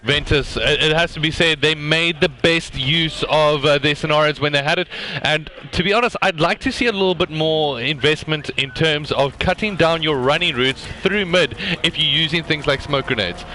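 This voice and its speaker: A South African man casting a live esports match, energetic and explanatory, with frequent fillers. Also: on the high side, normal speed, a little hiss or hum. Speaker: esports caster.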